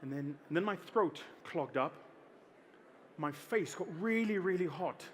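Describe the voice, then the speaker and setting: A South African man tells a story from the stage in an animated, humorous way, often slipping into other people's voices. His voice sits fairly high for a man. Faint room ambience runs under the speech. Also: a little slow, slight background noise. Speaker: keynote speaker.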